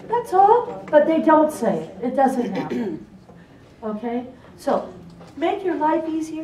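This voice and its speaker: A woman with a fairly high voice teaches a live seminar in a playful, animated way, slipping into voices for the people in her stories. She is heard from some distance in a roomy, echoing space. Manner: lively, playful, acts out quoted people. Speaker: seminar presenter for court reporters. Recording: echoey room, voice from far off.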